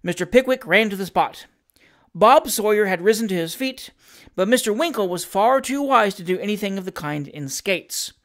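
Narrator, classic novel audiobook, measured, expressive. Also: medium pitch.

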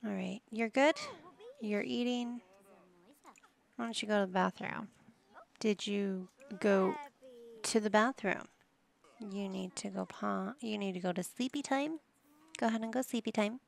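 Speaking a little slowly, she has a creaky mid-range voice with fairly even intonation and pauses often. She's a gaming channel host giving casual life-sim commentary, managing her characters like a patient parent amid wry, faintly exasperated asides.

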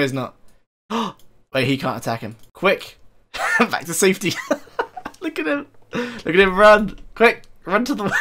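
A young man giving casual commentary over his own gameplay, excitable and chatty, often gasping and laughing as he talks to viewers. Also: fairly high pitch, a little hiss or hum. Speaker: gaming video creator. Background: faint background music.

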